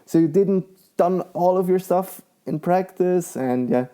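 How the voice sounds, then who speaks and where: Excitable young man, mellow voice. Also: high voice, measured pace. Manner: excitable, laughs often, lots of fillers. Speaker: guest, professional mountain bike rider. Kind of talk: casual conversational interview.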